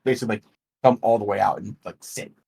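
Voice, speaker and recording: A man's voice: on the low side, fairly even intonation, quick pace, gravelly, warm tone, husky, poor audio. A man narrating as game master for a tabletop role-playing game, describing scenes loosely with many fillers.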